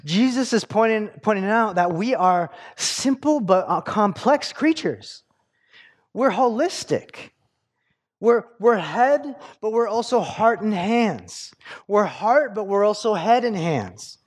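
A male pastor preaching with a slightly raised pitch. He talks conversationally, stumbling through fillers and restarts as he explains his points. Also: lively intonation, a little slow. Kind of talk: sermon.

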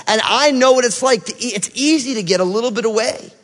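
High-voiced preaching man, hall reverb. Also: brisk, hardly any pauses, a bit bright. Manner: conversational preaching, acts out inner voices. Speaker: pastor. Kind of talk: sermon. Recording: long reverb of a large hall.

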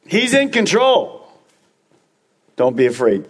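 A man delivering a sermon from the pulpit, his voice sitting a bit higher than most men's. He preaches with emphasis, turning often to the congregation and repeating key phrases. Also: lively intonation, normal speed, long pauses. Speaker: pastor.

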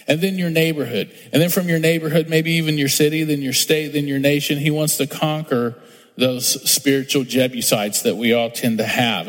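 A middle-aged man preaches to his congregation, talking casually and telling personal stories, often slipping into quoted voices. His voice sits at an ordinary middle pitch, and the sound rings with the long reverb of a large hall. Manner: storytelling with acted-out quotes, conversational. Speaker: pastor. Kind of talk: sermon. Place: church sanctuary.

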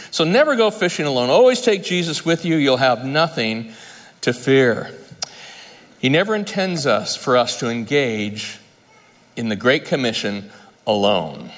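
A man's voice: medium pitch, fairly bright tone. A man preaching a sermon, telling a humorous fishing story and then reading scripture. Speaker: pastor. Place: large conference hall. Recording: long reverb in a hall.

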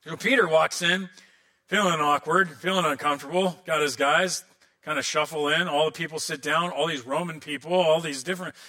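Bright, high-voiced man preaching a sermon. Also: brisk. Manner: animated storytelling with comic asides. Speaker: pastor.

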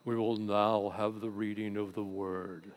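A man's voice: lowish voice, measured pace. A male pastor preaching a sermon, telling stories and acting out the voices in them. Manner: storytelling, animated, acts out voices.

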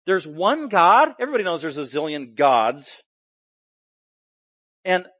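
A man's voice: on the high side, sing-song, measured pace, long pauses, a bit bright, breathy edge, dry recording. A male preacher giving an emphatic, impassioned expository sermon and stressing his points heavily.

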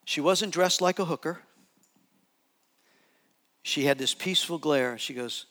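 Man preaching with animated storytelling. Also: a little high, measured pace, pauses often, in a large hall. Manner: animated, repetitive storytelling with restarts. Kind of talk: sermon testimony storytelling.

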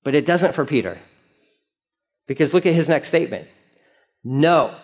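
A male pastor preaching a sermon in an animated, conversational way, with frequent fillers. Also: a little high, fairly quick.

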